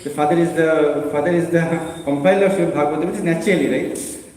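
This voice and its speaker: A man with a mellow, fairly high voice gives a devotional class in an echoey temple hall with a long reverb tail. He talks haltingly, full of fillers and restarts, and breaks into quoted voices as he tells the story. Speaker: preacher.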